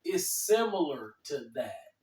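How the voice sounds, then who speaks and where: High voice guy telling hood stories, lots of swearing, far from the mic, echoey room. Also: slow. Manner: animated, quotes others in put-on voices, swears freely. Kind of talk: casual storytelling chat.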